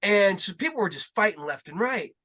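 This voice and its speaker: A middle-aged man hosting a podcast, telling rambling, animated stories in casual chat and laughing along. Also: high voice, a little fast. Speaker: podcast host.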